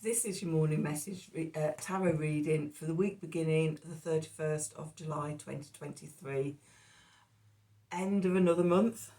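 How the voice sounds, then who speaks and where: Recorded from a distance, a woman with a low, mellow voice and moderate pace rambles through casual tarot and astrology talk. She interrupts herself, leans on fillers, and sounds hoarse as a cough keeps breaking in.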